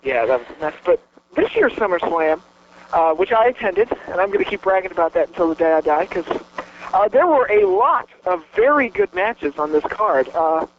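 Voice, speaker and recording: A man with a high voice chats excitedly about wrestling matches, bragging and laughing as he goes. The sound is dull and lo-fi with a faint hum underneath. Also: moderate pace. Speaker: podcast co-host. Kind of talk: casual wrestling chat.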